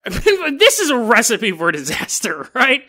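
A man's voice: extremely high pitch, wildly swooping pitch, measured pace, bright, forceful tone. A man hosting a casual storytelling podcast, joking and laughing through wry asides. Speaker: podcast host.

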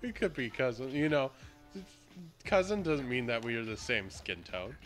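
A man's voice: mid-range voice, very animated, normal speed, a bit bright, faint music behind. Rambling young man, laughs easily. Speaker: gaming co-host. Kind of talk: casual chat over gameplay.

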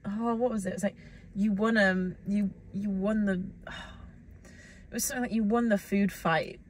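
A woman's voice: medium pitch, unhurried, a little hiss or hum. A young woman co-hosting a podcast, telling stories in casual chat and laughing often. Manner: laughs often, animated storytelling. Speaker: podcast co-host.

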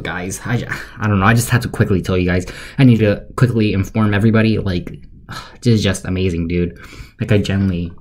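A young man giving deadpan, sarcastic commentary for a joke video, rambling with fillers. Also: lowish voice. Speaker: YouTuber.

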